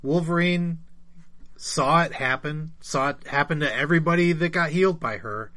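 A man co-hosting a podcast, chatting casually about comics and joking in a relaxed way, with frequent ums. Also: on the high side, moderate pace. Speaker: podcast co-host.

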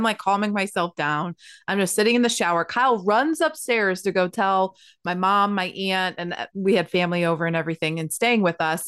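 A chatty woman with a lilt tells a family story to her co-host, laughing often. She talks casually and warmly addresses her listeners. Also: mid-range voice, smooth. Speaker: podcast co-host, wife.

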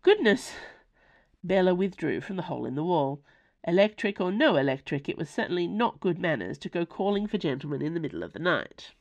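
A woman reading her own novella aloud in expressive, lively scripted narration. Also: fairly low pitch, quick pace, creaky.

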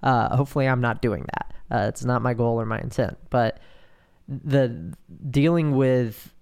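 A man with a smooth yet gravelly voice hosts a podcast monologue. He speaks candidly and haltingly, full of restarts and fillers, sounding slowed and worn down by withdrawal pain. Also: mid-range voice, darkish tone. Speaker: podcast host. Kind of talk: personal monologue.

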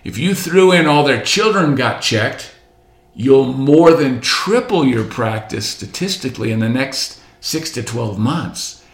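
Man in his sixties, motivational seminar speaker, emphatic and repetitive, mid-pitched, recorded with roomy echo. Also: lively intonation, a little slow. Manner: emphatic and repetitive, rhetorical questions and asides. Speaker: motivational speaker coaching doctors.

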